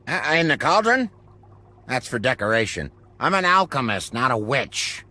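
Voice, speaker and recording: A man's voice: mid-range voice, very animated, normal speed, pushed and bright. An actor playing a vain, haughty male alchemist who runs a shop in a game, with dismissive, theatrical outbursts. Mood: curt. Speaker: alchemist shopkeeper. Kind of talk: video game voice acting.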